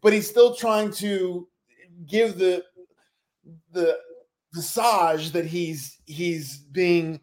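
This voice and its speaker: Animated high-voiced man recapping TV. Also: drawn-out words, long pauses. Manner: animated, acts out quotes, swears. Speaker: podcast co-host. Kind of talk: casual reality TV recap chat.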